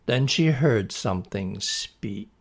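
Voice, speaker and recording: A male storyteller reading a children's tale aloud, taking his time over each sentence. His voice is gravelly with plenty of creak, and his pitch sits in the middle range. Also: lively intonation. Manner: slow, deliberate storybook reading.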